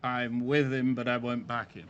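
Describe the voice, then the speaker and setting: A man giving measured, dry racing opinions outdoors. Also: medium pitch, flat delivery, a bit bright, lo-fi sound, a little hiss or hum. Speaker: pundit. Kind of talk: racing preview chat. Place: outdoors at a racecourse.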